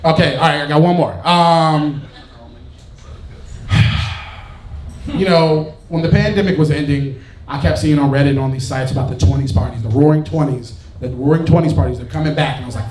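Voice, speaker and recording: A male comedian telling stories in a stand-up set at a live show, jumping to loud high bursts on his punchlines. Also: moderate pace. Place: bar stage with live audience. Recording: roomy live venue, audience crowd, off-mic distance.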